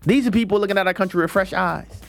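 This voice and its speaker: Brief: commentary host, mid-pitched, animated, digressive, opinionated. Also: fast, faint music behind. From United States. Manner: animated and digressive, with frequent restarts.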